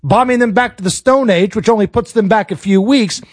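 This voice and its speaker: Blunt, high-voiced American talk host. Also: male voice, brisk, dry recording, clean studio sound. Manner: blunt, opinionated, jokey. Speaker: show host. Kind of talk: casual political talk show chat.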